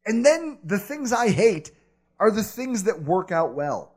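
Animated, husky-voiced sports podcast host. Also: male voice, high voice, unhurried. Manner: animated, laughs a lot, swears freely. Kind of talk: loose, profane sports podcast chat.

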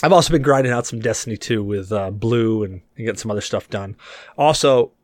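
A man co-hosting a gaming podcast in casual chat, animated and joking. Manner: animated, joking, quick swings in pitch. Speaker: podcast co-host.

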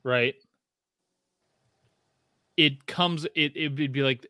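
A man in his thirties co-hosting a casual sports podcast, telling stories with lots of swearing and climbing pitch when he gets excited. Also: slow pace, clear, resonant tone, no room sound, clean studio sound. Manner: animated storyteller, swears freely, rising pitch when excited. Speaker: podcast co-host.

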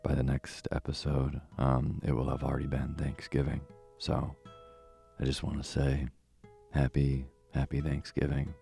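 A young man reading a bedtime story in an extremely deep, flat voice, slow and calm. The voice is close and dry, with faint guitar music behind him. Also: gravelly. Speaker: bedtime story host and narrator.

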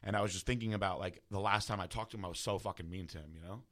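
Male guest, deep voice, candid profane personal story. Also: rapid-fire, a bit bright. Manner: casual, profane, heavy use of filler words. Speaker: guest bodybuilder.

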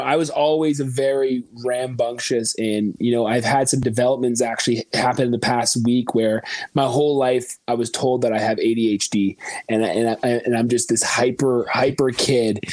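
Young man, guest storyteller, animated, acts out quotes; mid pitch, dry mic. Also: dry recording. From Canada. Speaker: country singer guest. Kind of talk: casual podcast chat.

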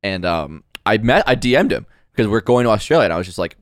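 A man's voice: fairly low pitch, expressive, fast, no echo, clean studio sound. A man co-hosting a podcast who tells a rambling story and keeps interrupting himself. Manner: rambling, self-interrupting, amused. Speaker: podcast co-host. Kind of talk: casual storytelling chat.

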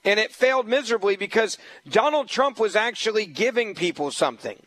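A man's voice: high-pitched, animated, a little fast, a bit bright, rough recording. A man hosting a political talk radio show, delivering a combative, emphatic monologue and repeating his points. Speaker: fill-in radio talk host.

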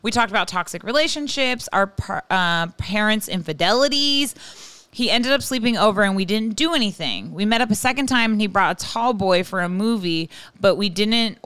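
A woman's voice: medium pitch, animated, moderate pace, a bit bright, smooth, dry recording, lightly acted. A woman putting on a lilting Irish letter writer. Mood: playful. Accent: put-on Irish, drifting toward Scottish. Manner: playful read-aloud, exaggerated lilt. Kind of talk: reading a listener email aloud.

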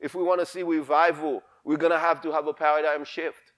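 Pastor, male, high voice, preaches with fire and repetition. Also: level tone, a little fast, fairly bright tone. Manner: impassioned, emphatic, repeats himself. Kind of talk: sermon.

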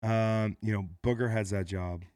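A male podcast host with a fairly low voice and a dry, close studio sound. He talks in an easygoing way, asking his guest long, rambling questions. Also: fairly even intonation, normal speed, darkish tone, smooth, no room sound. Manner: chatty, asks long leading questions. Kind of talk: casual podcast interview.

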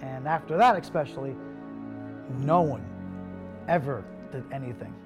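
A man's voice: mid-range voice, normal speed. A man telling a casual, chatty story in a played documentary clip. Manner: chatty, many fillers. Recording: clip played with music underneath.

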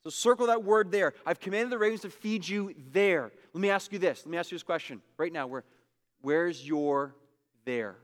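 Emphatic pastor preaching in a hall. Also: male voice, high voice, normal speed. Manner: emphatic, repeats phrases, swings between loud and hushed. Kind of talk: sermon.

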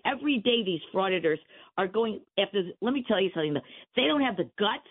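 A woman's voice: medium pitch, lively intonation, quick pace. A woman calling in to a radio show, heated and emphatic, firing rhetorical questions. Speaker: caller. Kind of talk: call-in radio talk. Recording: phone line.

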